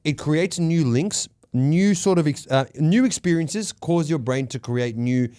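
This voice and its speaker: Young Aussie co-host, eager and giggly, lively high voice. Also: male voice, clean tone. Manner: excitable, quick to laugh, eager to share facts. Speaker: podcast co-host. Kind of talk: casual chat.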